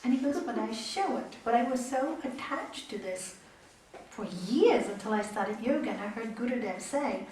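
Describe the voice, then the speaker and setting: A middle-aged woman with a somewhat high voice teaches a yoga class. She is animated and repeats key words to drive points home. The room is very echoey, and she sounds far from the mic. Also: normal speed, a little hiss or hum.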